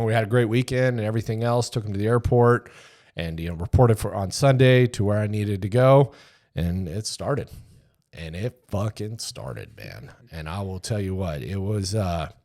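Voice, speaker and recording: A man in his fifties with a fairly low voice tells an old service story in a relaxed, unpolished way. He swears freely and drops into hushed asides when he replays what was said back then. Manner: loose and profane, acts out remembered exchanges in hushed asides. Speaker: interview guest, former Army Ranger. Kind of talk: casual storytelling.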